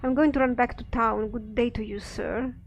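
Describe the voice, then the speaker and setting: A woman's voice: a little high, fairly even intonation, moderate pace, vocal fry, dull audio. A woman reading a grateful rescued man. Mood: relieved. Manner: read aloud plainly.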